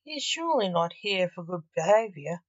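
A woman voicing a stern reaper king who croaks and hisses his lines in a storybook reading. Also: on the low side, big pitch swings, moderate pace, no echo, lo-fi sound.

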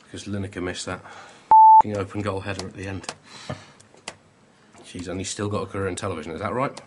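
A man's voice: low-pitched, level tone, brisk, heavy background noise. A man hosting a comedy podcast, introducing bits in a dry, mock-formal way. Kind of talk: scripted comic links.

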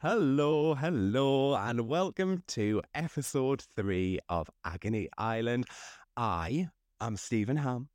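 A man, a doctor co-hosting a podcast, recovering from illness and explaining things in a measured way. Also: mid-range voice, big pitch swings, dry recording, studio quality. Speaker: podcast co-host, GP. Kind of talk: casual chat.

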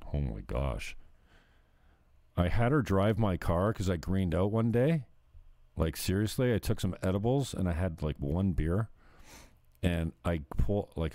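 A man's voice: deep voice, dark tone, no echo. A man ranting bluntly on a livestream, swearing and mocking people as he chats. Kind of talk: profane ranting chat.

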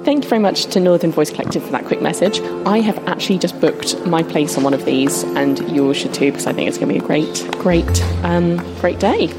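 Female co-host, low-ish voice, chatty and upbeat, music behind. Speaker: podcast co-host. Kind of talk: casual podcast presenting.

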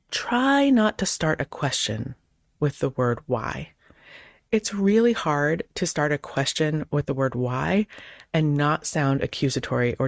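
A woman host in her thirties giving casual advice on conversation, acting out both sides of sample chats in quick changes of voice. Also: low-pitched, no room sound, clean studio sound. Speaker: podcast host; clergy.

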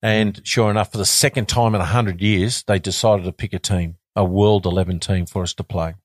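An Australian man in his fifties, a former cricketer telling stories as a guest in casual, animated talk with repeats and restarts. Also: deep voice, fairly quick, dry recording, studio quality. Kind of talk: casual storytelling.

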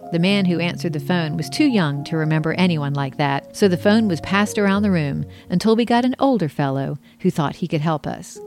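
A woman's voice: fairly low pitch, moderate pace, hardly any pauses, darkish tone, faint music behind. Woman reading her own memoir aloud. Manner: conversational storytelling, acts out the dialogue. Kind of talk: audiobook memoir narration.

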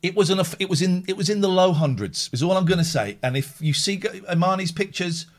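A man's voice: high-pitched, quick pace. A middle-aged man hosting a livestream and chatting casually, acting out voices when he tells a story. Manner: animated, acts out voices in anecdotes. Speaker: livestream host. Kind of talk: casual chat.

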